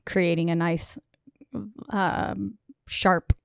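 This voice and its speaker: A woman's voice: lowish voice, flat delivery, extremely slow, vocal fry, clean tone, no room sound, studio quality. A woman co-hosting a podcast, casually recapping a movie scene by scene with lots of "like" and "um". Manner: chatty, retells scenes with lots of "like". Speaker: podcast co-host.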